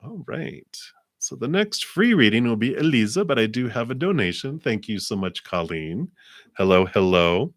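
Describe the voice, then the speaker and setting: A man's voice: mid-range voice, very animated, moderate pace, no echo, studio quality. A man hosting a live tarot card reading, chatting in an easygoing way, laughing often and relaying what spirits say in his own voice. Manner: rambling with fillers, paraphrases spirits in his own voice. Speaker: tarot card reader, host of a live stream.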